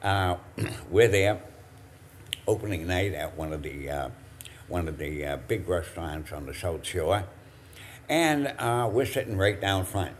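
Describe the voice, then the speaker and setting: Elderly man in his eighties, very low voice, rambling anecdotes, faint background hiss. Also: animated. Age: 80s. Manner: rambling, halting, chuckling storyteller. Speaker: guest, drumstick maker. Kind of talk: anecdotal storytelling.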